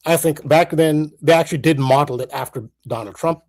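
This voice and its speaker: An earnest man lays out his theory step by step, stopping and restarting as he links one point to the next. His voice sits a little on the high side for a man. It has the sound of a talk show monologue. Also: brisk, darkish tone. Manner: earnest, building connections point by point, frequent restarts. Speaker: podcast co-host.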